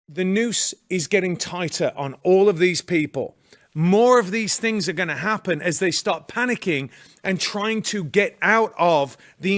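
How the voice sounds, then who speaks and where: A man's voice: high voice, a bit bright. A man with a British accent giving fervent, rallying political commentary. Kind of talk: political talk show chat.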